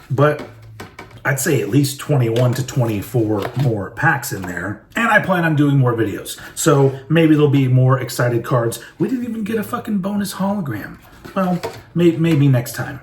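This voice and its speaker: A man's voice: fairly high pitch, far from the mic. A man casually commenting while opening trading card packs, irreverent and swearing freely as he reads the cards aloud. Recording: roomy echo, voice a bit off mic.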